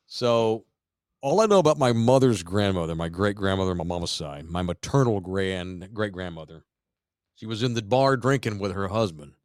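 A man's voice: lowish voice, expressive, normal speed, clean tone, no echo, clean studio sound. A man, a podcast host telling profane family stories in casual chat. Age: 40s. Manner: profane, rambling storyteller, laughs at dark jokes.

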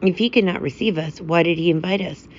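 A woman voicing a pompous, blustering old male general who speaks gruffly and imperiously, in a storybook reading. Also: lowish voice, fairly quick, dull audio, a little hiss or hum, close to an everyday voice.

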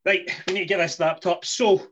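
Rambling, sweary podcast host, raised pitch. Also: male voice, steady tone, fairly quick, a bit bright, dull audio. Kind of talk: casual chat.

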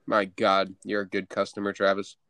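A man's voice: fairly low pitch, completely flat delivery, moderate pace, bright, forceful tone, no room sound. Teasing young man hosting a podcast. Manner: teasing, mock-outraged. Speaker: podcast host. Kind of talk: casual banter.

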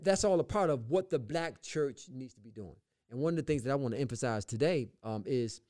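A man's voice: medium pitch, warm tone. A man in the pastor role on a faith talk show, speaking with an emphatic, repetitive preacher cadence and reading scripture aloud. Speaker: pastor and podcast co-host.

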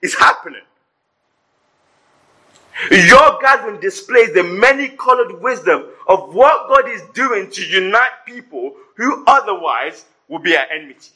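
A pastor preaching a sermon to his congregation, animated and joking in asides. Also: sits high, unhurried, breathy edge, rough recording. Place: church service before a congregation.

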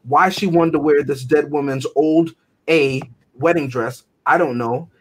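A man co-hosting a podcast in casual chat, animated and joking with exaggerated outbursts. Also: a little high, a little slow, a little hiss or hum. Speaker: podcast co-host.

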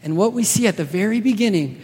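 A man delivers a conversational sermon, earnest and informal, often turning to his listeners with a quick "right?". His voice sits a bit high for a man. A long reverb trails behind each phrase, as in a big hall. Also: animated, dark tone, husky. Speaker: preacher.

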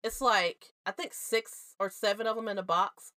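A woman co-hosting a casual chat show, telling family stories in an animated, blunt way and laughing often. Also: mid-range voice, moderate pace, no room sound. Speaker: podcast co-host.

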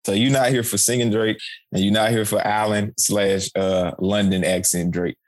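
A man's voice: on the low side, flat delivery, moderate pace. A man hosting a casual album chat, teasing the others and asking them questions. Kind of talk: casual music review chat.

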